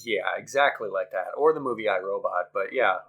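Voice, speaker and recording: A man's voice: fairly low pitch, a little fast, gravelly, a bit bright. A man co-hosting a casual podcast chat, rambling and laughing often as he talks. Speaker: podcast co-host.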